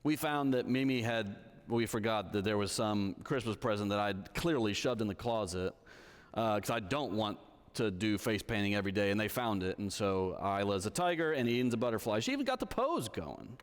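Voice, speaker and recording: Lively storytelling preacher man. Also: on the low side, a little fast, long reverb tail. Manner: conversational storytelling, checks in with the audience. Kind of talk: sermon. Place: church hall.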